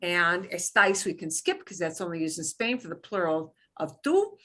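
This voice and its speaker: A woman's voice: on the low side, big pitch swings, normal speed, pushed and bright. A woman teaching a beginners' Spanish class, explaining patiently with examples and repetition. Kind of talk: classroom lesson.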